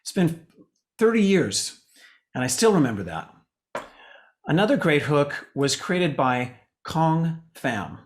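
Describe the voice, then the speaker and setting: Animated man coaching on video call. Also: slow, long pauses. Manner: animated, swings pitch widely for emphasis. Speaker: communication coach presenting to a meetup. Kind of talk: online presentation talk.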